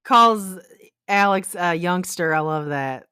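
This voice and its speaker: A woman with a somewhat low voice co-hosts a relaxed book chat. She is chatty and becomes animated when she retells conversations. The recording is dry and close. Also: takes it slowly, smooth, no echo. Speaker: podcast co-host. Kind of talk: casual book discussion.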